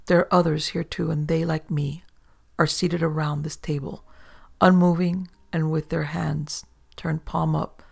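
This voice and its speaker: A man narrating a first-person horror story in a low, hushed way. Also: gravelly, slightly rough.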